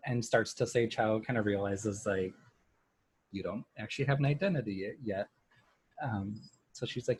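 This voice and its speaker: Brief: a quiet, hesitant male player with a husky low voice. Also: normal speed, no room sound, low-quality recording. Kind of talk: tabletop role-play.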